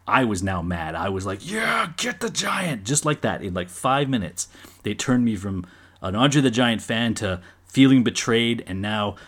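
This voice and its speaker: Animated man telling a story, lowish voice. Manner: animated, acts out quotes with sudden loud bursts, swears freely. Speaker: storyteller recalling watching wrestling as a kid. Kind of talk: casual storytelling monologue.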